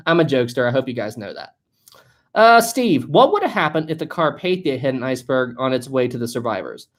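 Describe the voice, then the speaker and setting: A live-stream host chatting casually, reading out viewer comments, joking and laughing a lot, and thinking out loud. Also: mid-range voice, sing-song, normal speed, long pauses. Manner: thinks aloud, with many fillers and restarts.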